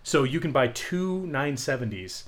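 A man's voice: mid-range voice, sing-song, a little slow. A young man co-hosting a podcast in casual chat, rambling loosely with frequent fillers and casual swearing. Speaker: podcast co-host.

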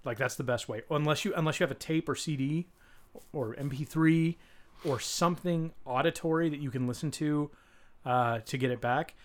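A man's voice: fairly high pitch, moderate pace. A man co-hosting a casual chat, jokey and easygoing, often trailing off mid-thought. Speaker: podcast co-host.

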